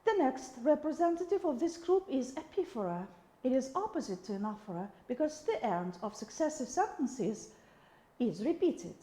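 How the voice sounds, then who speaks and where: Russian-accented lady lecturer, high lively voice, mellow tone, echoey room. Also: moderate pace. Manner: reads examples aloud, occasional uh and restarts. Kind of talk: recorded video lecture.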